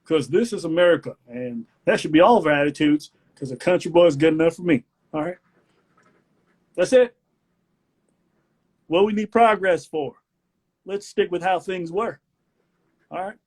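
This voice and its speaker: A man's voice: fairly high pitch, moderate pace, pauses often, darkish tone, natural voice. A man putting on a blustering country man with a drawling, declaiming delivery. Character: blustering Southern country man giving a speech.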